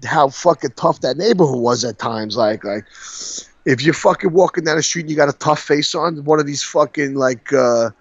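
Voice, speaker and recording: A man's voice: fairly high pitch, moderate pace, dry recording. Profane rambling New guy. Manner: profane, rambling storytelling with laughs. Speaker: podcast co-host. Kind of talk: casual chat. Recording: dull, dry lo-fi sound.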